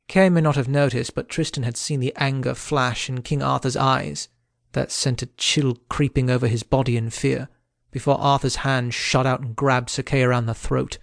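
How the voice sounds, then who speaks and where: A man narrating a historical romance audiobook in a steady, measured way, recorded close to the mic. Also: mid-range voice, creaky, dry recording. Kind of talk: scripted narration.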